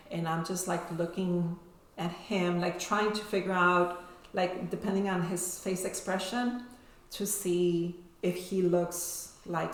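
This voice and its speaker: A woman telling her personal story as an interview guest, emotional and often ending sentences with "right?". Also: on the low side. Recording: echoey room.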